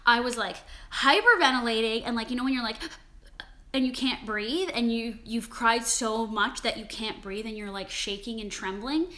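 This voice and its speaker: A young woman chats through a live-stream Q&A with her viewers, loose and profane, with lots of "like." Her voice sits a touch high and sounds crisp and bright. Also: moderate pace. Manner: casual, swears freely, chatty with lots of "like". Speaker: cookbook author and vegan food channel host.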